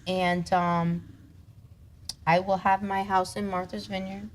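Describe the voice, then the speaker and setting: A woman's voice: medium pitch, takes it slowly, poor audio. Earnest woman with faint background noise. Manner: relaxed, earnest, laughs easily. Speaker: guest, cannabis company co-founder. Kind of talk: casual podcast conversation.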